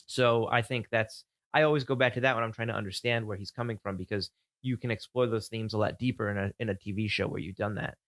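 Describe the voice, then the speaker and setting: A man's voice: lowish voice, fairly even intonation, fast talker, hardly any pauses, a bit bright, no echo, studio quality. A man co-hosting a casual film podcast, thinking aloud with restarts and easy laughter. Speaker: podcast co-host.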